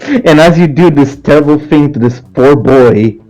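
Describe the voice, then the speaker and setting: A man's voice: fairly high pitch, normal speed, mellow, soft background music, rough recording. A man narrating a tabletop game as game master, in a dry, matter-of-fact way.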